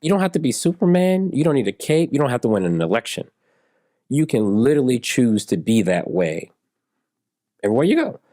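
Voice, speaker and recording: A man in his forties, an interview guest, telling stories in a relaxed way and acting out the people in them. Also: medium pitch, brisk, no echo, clean studio sound. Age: 40s. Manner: animated storyteller who acts out dialogue in raised voices. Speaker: interview guest, software engineer.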